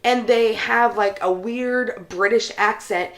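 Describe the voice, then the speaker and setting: Reviewing books in a relaxed, chatty vlog, a young woman speaks eagerly and directly to her audience. Her slightly bright voice is on the high side, with fairly even intonation and an unhurried pace.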